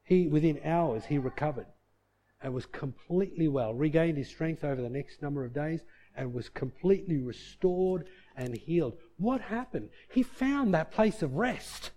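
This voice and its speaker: A male preacher with a fairly high voice, delivering a sermon. His delivery swings widely, sinking to hushed, low lines and then climbing to shouted peaks. He tells stories with a preacher's rhythm. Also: animated, normal speed. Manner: storytelling, shifting between soft low passages and loud shouted peaks.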